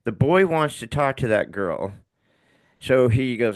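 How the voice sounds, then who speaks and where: Lively, gravelly older male podcast host. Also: medium pitch, unhurried, no echo. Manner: animated, acts out little scenes with swearing. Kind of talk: casual podcast chat.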